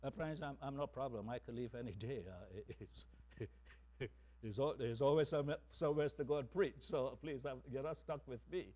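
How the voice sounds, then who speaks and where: A man preaching a sermon as pastor, animated and emphatic, rising to loud calls and dropping to hushed lines. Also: mid-range voice, moderate pace.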